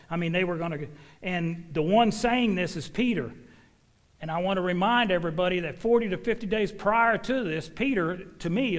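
Emphatic preacher, high voice, reverberant hall. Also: male voice. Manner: emphatic, folksy, swings from loud exhortation to low asides. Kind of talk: sermon with personal testimony.

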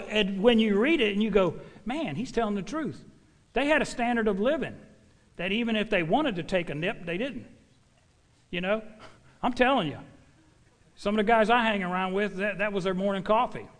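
Middle-aged man, fairly high-voiced preacher, folksy and fiery, recorded in a reverberant church hall. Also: fairly quick. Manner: emphatic, folksy, swings from loud exhortation to low asides. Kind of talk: sermon with personal testimony.

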